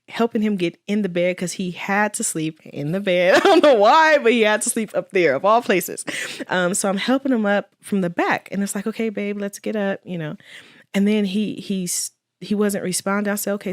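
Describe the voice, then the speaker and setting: In an interview, a widowed woman with a mid-range voice shares a personal story with earnest faith, quoting dialogue along the way. The studio-quality audio has no echo.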